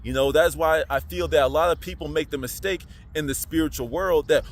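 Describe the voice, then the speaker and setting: A man giving a casual, slangy spiritual monologue into his phone, animated and preachy. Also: fairly high pitch, a little fast, hardly any pauses, soft background music. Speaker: spiritual vlogger.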